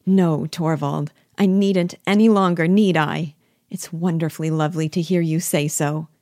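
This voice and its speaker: A woman's voice: low voice, fairly even intonation, normal speed, a little mellow, no room sound, studio quality. A woman reading an eager, chattering young wife.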